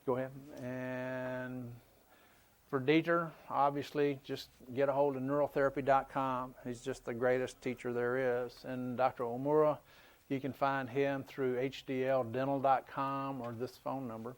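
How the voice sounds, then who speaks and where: Middle-aged male conference speaker, folksy storyteller, mid-pitched, conversational lecture. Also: flat delivery, moderate pace. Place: conference hall.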